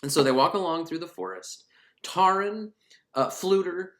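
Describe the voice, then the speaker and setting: A man giving a casual, irreverent recap of an animated film, rambling and laughing as he goes. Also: sits high, moderate pace. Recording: roomy echo.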